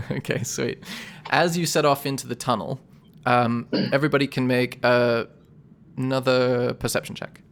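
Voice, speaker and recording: A man running a tabletop game in an easygoing, chatty way, stopping to correct his own descriptions. His voice sits at a medium pitch. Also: moderate pace, vocal fry, a little hiss or hum. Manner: relaxed, chatty, corrects himself. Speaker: game master.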